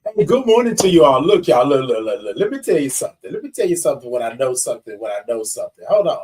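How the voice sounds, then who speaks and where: A man's voice: mid-range voice, sing-song, fast talker, darkish tone, far from the mic. A man hosting a morning livestream, calling viewers y'all and baby and singing out long good mornings. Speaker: host of a morning livestream show. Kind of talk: lively livestream greeting viewers.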